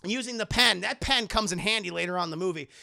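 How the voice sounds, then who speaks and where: Casting: male streamer, high, very gravelly, profane film recap. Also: fast talker. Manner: profane, animated, joking.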